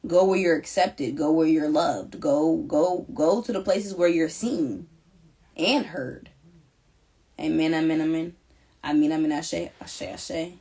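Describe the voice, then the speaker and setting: A woman's voice: low voice, a little mellow, slightly rough. A young woman doing a live collective tarot reading, talking in an emphatic, slangy, repetitive and emotional way. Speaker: tarot reader.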